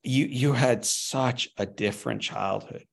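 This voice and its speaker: A man hosting a heartfelt interview, asking earnest questions with measured empathy. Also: medium pitch, vocal fry. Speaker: interview host.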